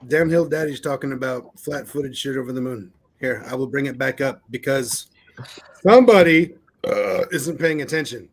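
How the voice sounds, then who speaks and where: A man's voice: mid-range voice, moderate pace, creaky. A man hosting a casual livestream chat, teasing and joking and laughing often. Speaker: livestream host.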